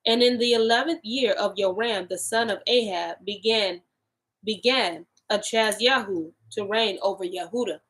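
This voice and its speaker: A woman hosting a casual Bible study, reading scripture aloud slowly with restarts and slangy asides. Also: mid-range voice, a bit bright, low-quality recording.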